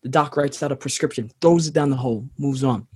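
A man's voice: mid-range voice, fast talker, breathy edge. A man co-hosting a podcast, casually chatting and telling a parable, acting out the characters' voices. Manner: storytelling, acts out voices in a parable. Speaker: podcast co-host.

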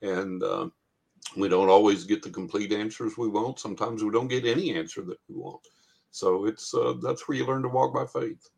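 A man's voice: fairly low pitch, normal speed, creaky, darkish tone, husky. A man chatting casually about spiritual matters, telling stories and laughing often.

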